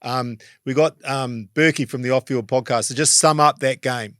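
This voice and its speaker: A man's voice: mid-range voice, fairly even intonation, moderate pace, fairly bright tone. A man hosting a sports chat show, laid-back and joking as he brings in guests. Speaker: host.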